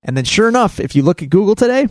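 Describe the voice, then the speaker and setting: Animated man ranting in casual podcast chat. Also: high-pitched, rapid-fire, no echo. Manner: animated, rambling with restarts. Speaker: podcast co-host.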